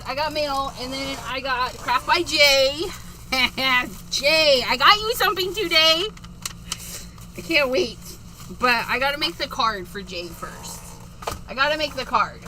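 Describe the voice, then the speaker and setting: Woman, livestream host, high pitch, slow easy talk, giggly, tired, casual chat. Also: lively intonation, pushed and bright, a little hiss or hum. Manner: giggly, chatty, reads viewer comments aloud.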